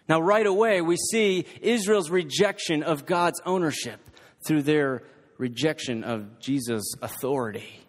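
A male pastor delivers a sermon in an emphatic, rhetorical way, stressing and repeating his main points. His voice sits somewhat high for a man. A long hall reverb hangs after each phrase. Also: unhurried.

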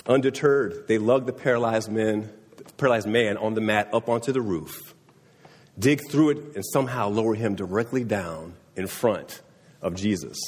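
A man's voice: lowish voice, normal speed, darkish tone, slightly rough, big-room sound. A man preaching a sermon in a conversational way, often checking in with his listeners. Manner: conversational, often asking "right?". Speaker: pastor.

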